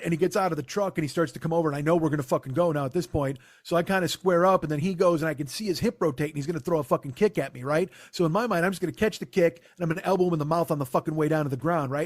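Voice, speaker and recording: A man doing stand-up, telling a long profane story with exasperated, animated delivery. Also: on the high side, no echo, clean studio sound. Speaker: stand-up comedian.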